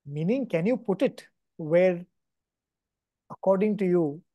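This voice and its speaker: A man giving a devotional talk at a spiritual gathering, telling a story at an unhurried pace with frequent pauses and self-corrections. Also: high voice, lively intonation, dry recording, highs cut off. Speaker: guest speaker at a spiritual gathering.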